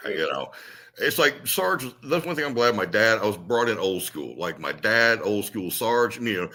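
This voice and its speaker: Bright-voiced wrestler, profane and animated. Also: male voice, fairly low pitch, moderate pace. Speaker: pro wrestler guest. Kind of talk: casual podcast chat.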